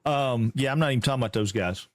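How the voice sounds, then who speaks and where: A Southern-accented man from Georgia, USA, talks fast during a live game stream, friendly and rambling in casual chat as he eagerly greets his viewers. His pitch sits in an ordinary middle range, and a close microphone keeps the sound dry, with no room tone.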